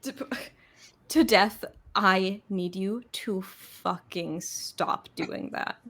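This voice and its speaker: A woman playing a young goth reaper who is cold, aloof and sarcastic, speaking flatly and with exasperation. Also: mid-range voice, drawn-out words, exaggerated voice. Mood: exasperated.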